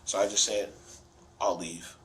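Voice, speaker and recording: A father in an interview, telling a painful story in a halting, searching way. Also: low voice, little pitch movement, faint music behind, low-quality recording. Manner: halting, searching, self-questioning.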